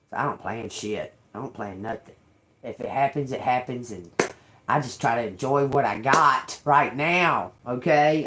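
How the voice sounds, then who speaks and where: A woman with a low voice tells a story during a tarot-reading livestream, sounding roomy. Her casual storytelling is blunt and profane, punctuated by laughter.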